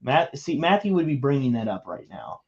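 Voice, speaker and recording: A man hosting a casual build livestream, talking in a loose, rambling way and teasing his co-host. His voice sits at a middle pitch. The audio is muffled and lo-fi. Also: big pitch swings, moderate pace, vocal fry, a crowd in the background. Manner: rambling, teasing banter with frequent restarts.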